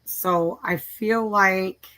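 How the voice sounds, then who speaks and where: A woman's voice: mid-range voice, fairly even intonation, very slow, sharp tone. A middle-aged woman hosting a casual craft live stream, chatting and listing her projects aloud in a tired, easygoing way. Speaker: craft channel host.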